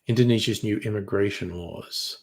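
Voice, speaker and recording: A man's voice: fairly low pitch, normal speed. Sardonic man, casual chat. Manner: crude, sardonic and offhand, swears freely. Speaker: streamer. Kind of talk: casual chat reading headlines.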